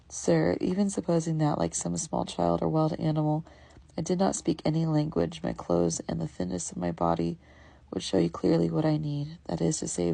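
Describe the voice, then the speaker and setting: Brief: woman reading as a starving young male beggar, pleading, low and gravelly. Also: mellow, no echo, exaggerated voice. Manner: pleading, slow and drawn out. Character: starving ragged young man begging in many tongues.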